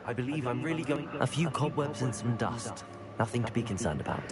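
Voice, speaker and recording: An actor playing a polite young male wizard student, stiff and flat in delivery. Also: mid-range voice, brisk, natural voice. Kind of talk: video game voice acting. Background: game music.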